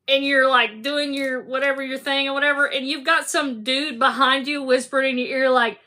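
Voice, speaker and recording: A woman hosting a casual book club discussion, animated and laughing as she acts out scenes. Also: sits high, moderate pace.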